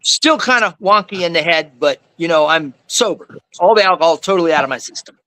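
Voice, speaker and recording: A man's voice: a little high, animated, a little fast, sharp tone, dry recording. A man telling his faith testimony as a guest, in a rambling, slangy way, often saying "man" and "like". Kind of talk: casual storytelling.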